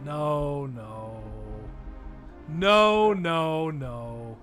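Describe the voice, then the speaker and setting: A man's voice: on the high side, sing-song, drawn-out words, a bit bright, soft background music. A man co-hosting a casual podcast while playing a game, joking around and slipping into silly voices for bits. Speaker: podcast co-host. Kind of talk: casual chat while gaming.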